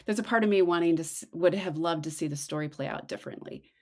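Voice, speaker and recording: A middle-aged woman co-hosting a casual devotional chat, slowing and softening on her reflective points. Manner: acts out quoted voices with big pitch jumps. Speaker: podcast co-host.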